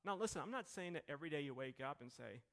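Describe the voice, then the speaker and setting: A middle-aged man preaching a sermon to his congregation, with a conversational, questioning manner that swings between quiet and emphatic. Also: a little high, expressive, fast talker. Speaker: pastor. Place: church hall.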